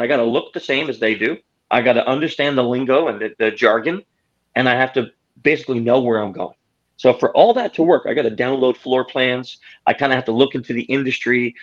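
Man telling stories, slightly dull sound. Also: medium pitch. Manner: explains with stories and acted quotes. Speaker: guest author. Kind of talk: conversational interview.

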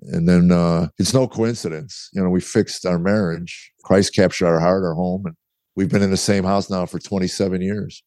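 Middle aged guy, real low voice, dry sound, chatting openly as a guest. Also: fairly even intonation, normal speed, a little mellow, no room sound. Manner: candid, conversational, acts out quoted dialogue. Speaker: guest, author. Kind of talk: interview storytelling.

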